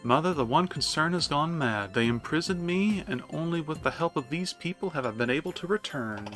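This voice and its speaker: A man's voice: fairly high pitch, lively intonation, brisk, a bit bright, soft background music, voice pushed up. A man voicing an anxious, pleading young prince while reading game dialogue aloud. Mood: urgent. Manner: pleading and flustered. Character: anxious young royal son, devoted to his mother.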